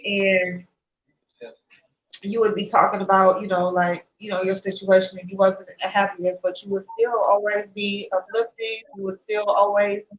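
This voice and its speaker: A woman's voice: medium pitch, level tone, normal speed. A woman hosting a casual livestream chat, encouraging and affectionate with her guest. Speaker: livestream host. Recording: echoey room, dull lo-fi sound.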